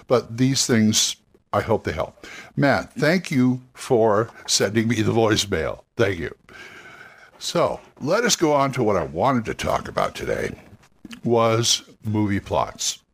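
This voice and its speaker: A man with a fairly low, ordinary speaking voice talks through advice for roleplaying games in a loose, unscripted way. He doubles back on his words and restarts sentences. His tone is encouraging. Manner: rambling, self-correcting, encouraging. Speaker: podcast host giving roleplaying game advice. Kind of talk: casual spoken monologue.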